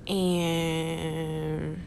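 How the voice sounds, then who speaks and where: A woman's voice: deep voice, little pitch movement, extremely slow, vocal fry, darkish tone, a little hiss or hum. A woman vlogger chatting in a casual voice-over, playful and rambling, talking straight to her viewers with self-amused asides. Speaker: planner vlogger.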